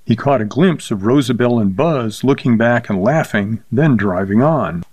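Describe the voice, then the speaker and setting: Man, story narration, steady reading, medium pitch, dry booth. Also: normal speed, slightly rough, no echo.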